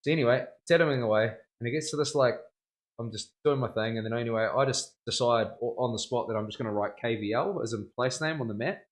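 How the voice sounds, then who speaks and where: A young man with a mid-range voice talks fast while working in a tattoo studio, casually chatting on a live stream. He's a tattoo artist who laughs often and leans heavily on slang.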